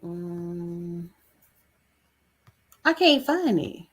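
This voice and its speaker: A woman's voice: lowish voice, very animated, very slow. A woman hosting a podcast, giving casual commentary in a blunt, exasperated, chatty way. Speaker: podcast host.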